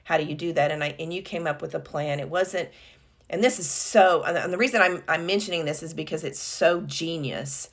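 A woman's voice: deep voice, brisk, breathy edge. A woman co-hosting a casual business podcast, talking conversationally with fillers and self-corrections. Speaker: podcast co-host.

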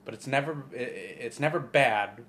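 A man co-hosting a podcast, telling movie stories in a profane, rambling, animated way. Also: mid-range voice, moderate pace, slight background noise. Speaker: podcast co-host. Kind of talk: casual chat.

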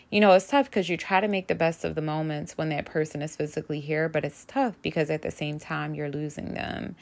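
A young woman talking straight to her viewers about a painful loss, earnest and emotional, holding back tears. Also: low-pitched. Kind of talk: personal vlog about grief.

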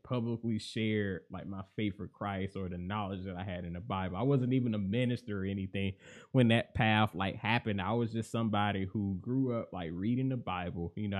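A young man hosting a podcast, talking through faith and life in a mostly even, monotone way that livens up now and then. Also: on the low side. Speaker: podcast host and life coach. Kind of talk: reflective faith podcast monologue.

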